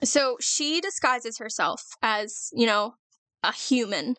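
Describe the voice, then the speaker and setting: A woman's voice: a little high, expressive, slow, bright, forceful tone, dry recording. A woman co-hosting a podcast, chatty and casual as she retells a myth, swearing and laughing often. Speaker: podcast co-host.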